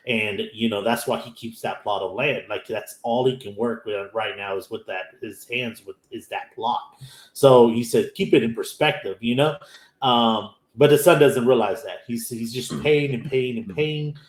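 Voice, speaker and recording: A man's voice: medium pitch, measured pace. An American man from Houston hosting a casual anime episode recap. He tells the story loosely, full of "like" and "you know", and acts out the characters' lines in his own voice. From Houston, Texas. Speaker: anime podcast host. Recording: roomy echo.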